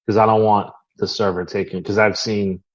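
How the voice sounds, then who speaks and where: A man's voice: fairly low pitch, level tone, normal speed. A male podcast guest in casual chat, blunt and opinionated, swearing freely. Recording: dull lo-fi podcast audio.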